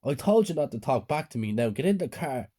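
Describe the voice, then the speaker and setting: A man's voice: mid-range voice, sing-song, fairly quick, warm tone, breathy edge, pitched above the performer's own voice. A man voicing a cruel stepmother who nags and scolds sharply. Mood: scolding.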